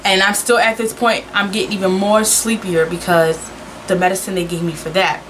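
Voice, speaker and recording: Young woman vlogger, chatty and animated, bright voice with a faint hiss behind. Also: medium pitch, fairly quick, low-quality recording. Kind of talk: casual storytelling.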